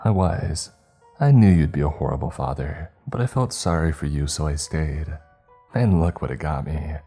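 A man voicing a creature that mimics a young woman's voice, soft and sweet but cruel underneath. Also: rumbling low, normal speed, breathy edge, faint music behind, heavily acted. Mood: spiteful. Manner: soft and sweet, then spiteful.

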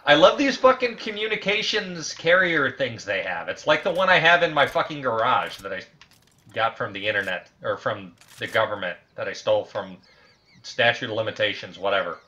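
Animated crude man at the mic. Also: medium pitch, moderate pace, highs cut off. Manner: loud, crude, prone to shouting bits. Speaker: let's play host. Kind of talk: casual gameplay banter.

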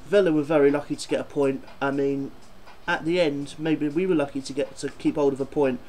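A man's voice: on the high side, fairly even intonation, fairly quick, darkish tone, slight background noise, poor audio. A man doing a football fan video, ranting and swearing in exasperation about his team.

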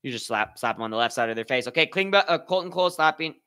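A young man hosting a live watch party, commentating on slap fights with excitable, profane banter and shoutouts to his chat. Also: on the high side, fast talker, clean tone. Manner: excitable, swears a lot, talks to chat. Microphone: headphones with mic.

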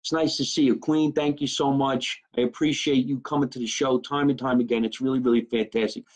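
A man's voice: medium pitch, steady tone, a little fast, poor audio. A man from New Jersey, a comedian hosting a live stream from his kitchen, joking brashly and swearing freely in casual chat. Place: home kitchen.

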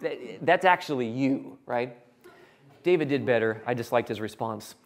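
A man preaching a sermon, animated and jokey, acting out characters in quick quotes. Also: mid-range voice. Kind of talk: sermon with acted Bible quotes.

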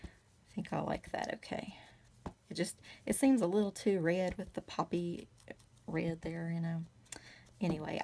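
A woman chatting casually to her viewers while she crafts, rambling with many fillers and soft asides. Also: on the low side, creaky. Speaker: craft vlogger.

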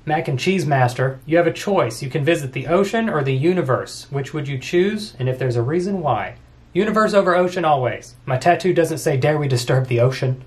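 A man in his twenties reading viewer comments aloud and answering them with quick jokes and frequent laughs, in a casual vlog. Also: on the high side, animated. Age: 20s. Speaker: YouTuber answering fan questions.

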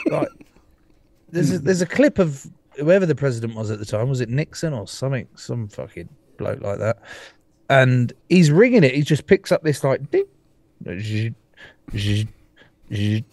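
A man's voice: mid-range voice, expressive, normal speed, darkish tone, dry recording. A man on a video call chatting about his podcast, rambling and swearing, laughing often. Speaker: podcast guest. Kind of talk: casual chat.

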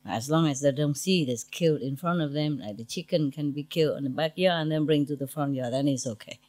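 A woman teacher speaks to her disciples in a relaxed, humorous lecture, with a fairly low voice. Her English is non-native and simply built, full of quick asides. The sound is close and dry, with no room around it. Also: no room sound. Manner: chatty and humorous, laughing between asides. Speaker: spiritual teacher addressing disciples. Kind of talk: informal spiritual lecture. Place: meditation centre lecture.

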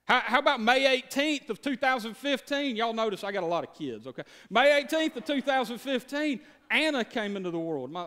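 With a fairly bright tone and a voice unusually high for a man, this thirtysomething Georgia preacher talks to his flock in a plain-spoken, folksy sermon. He cracks jokes, stammers, and repeats words along the way.

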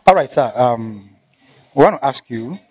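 Nigerian male interviewer, polite and measured, mid pitch. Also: expressive, breathy edge. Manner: polite, measured, stumbles when improvising. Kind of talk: casual interview questions.

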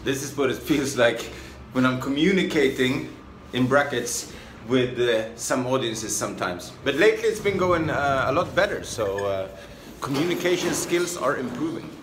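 A middle-aged man from Sweden with a Swedish accent, a comedian talking casually to camera in a halting, self-deprecating way with many fillers. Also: mid-range voice, animated, noisy background. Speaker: comedian vlogger. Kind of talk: casual vlog talk.

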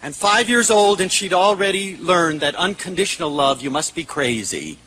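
A man giving a public lecture to an audience. He tells stories in an animated way, with self-mocking humor. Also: high-pitched, moderate pace, slight background noise, rough recording.

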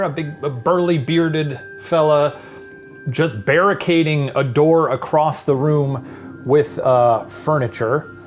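A man in his thirties, the game master, narrating a tabletop game in a relaxed, dry, meandering way. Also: a little high.

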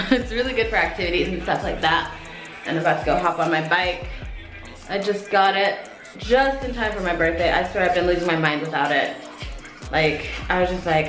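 A woman in her twenties chatting casually to camera in a home vlog, talking to her dogs at times. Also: a bit bright. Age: 20s. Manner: chatty, talks to her dogs in a high sing-song voice. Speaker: vlogger. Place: home, bathroom and workout room.

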